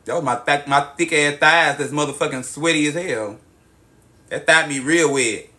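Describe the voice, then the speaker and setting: High, bright man livestreaming. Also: normal speed. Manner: excitable, profane, drawling, calls viewers baby and girl. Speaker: livestream host. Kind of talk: casual livestream chat, reading viewer comments.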